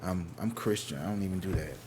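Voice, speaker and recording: Giving a relaxed tarot reading from his living room, a man speaks quickly in a deep, darkish voice, rambling candidly and profanely. When he quotes people he breaks into overblown mocking voices, and there's a little hiss or hum.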